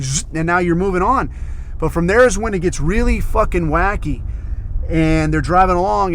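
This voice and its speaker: On a podcast, a man with a voice on the high side delivers a casual monologue reviewing a film, rambling through profane storytelling full of filler like "like" and "dude." A slight hiss or hum sits under the recording.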